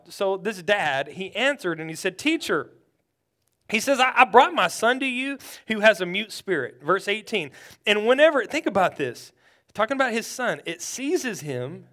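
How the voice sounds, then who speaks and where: A man preaching a sermon in a very high voice. He moves between loud, urgent exhortation and hushed storytelling. He often stumbles and repeats words as he builds toward a point. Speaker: pastor.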